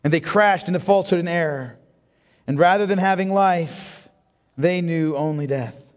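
A man preaching a sermon as pastor, impassioned, swinging from hushed tones to near-shouting and calling his listeners beloved. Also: fairly high pitch, a little slow, pauses often. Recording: long reverb of a large hall.

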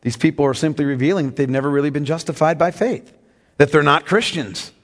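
Emphatic high-voiced male preacher. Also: brisk, in a large hall. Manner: emphatic, teaching, asks congregation questions. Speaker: pastor. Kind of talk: sermon.

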